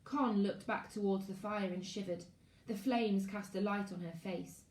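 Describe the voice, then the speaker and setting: A woman, a primary school teacher, reading a children's novel aloud in an expressive storytelling voice. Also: medium pitch, normal speed. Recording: echoey room.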